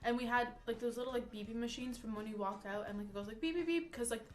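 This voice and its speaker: A woman's voice: fairly high pitch, fast talker. Chatty young woman livestreaming. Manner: chatty, animated, peppers speech with "like". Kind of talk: casual storytelling while reading chat.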